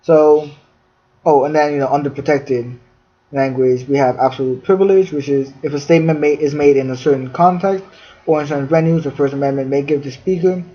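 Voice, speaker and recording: On a podcast, a man reads definitions aloud from a fact sheet, his delivery heavy with fillers. His pitch leans high, his intonation stays fairly even, and he moves at a fairly quick pace. Dull lo-fi recording.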